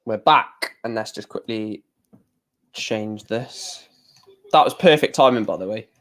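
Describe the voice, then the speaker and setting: A man hosting a live stream, chatting casually and excitedly to his viewers. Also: fairly low pitch, unhurried.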